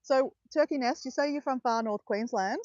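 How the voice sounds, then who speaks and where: A woman's voice: high-pitched, moderate pace, no echo, muffled recording. An Australian woman hosting a live stream, chatting casually and greeting viewers by name. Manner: chatty, addresses viewers by name, bursts of excited cheering. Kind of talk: chatty livestream talk to viewers.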